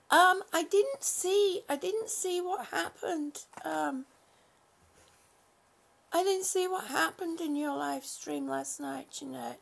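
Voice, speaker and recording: A woman hosts a casual live stream, calling each viewer honey or sweetie as she greets them. Her voice sits high but carries a gravelly edge, and she talks at an unhurried, meandering pace. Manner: greets viewers one by one with affectionate pet names; rambling, with many fillers and restarts.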